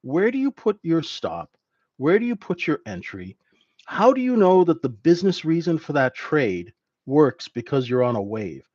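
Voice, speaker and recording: A man's voice: a little high, very animated, moderate pace, darkish tone, no room sound, highs cut off. A man teaching a live trading class in a conversational way, who keeps checking in with "right?". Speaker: trading instructor.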